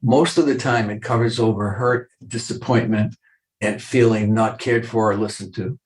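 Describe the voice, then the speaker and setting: A man's voice: on the low side, fairly even intonation, moderate pace, darkish tone, reverberant, rough recording. An older man, a clinical psychologist, talking earnestly in a podcast interview and acting out short exchanges with patients. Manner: earnest, acts out dialogue from patients.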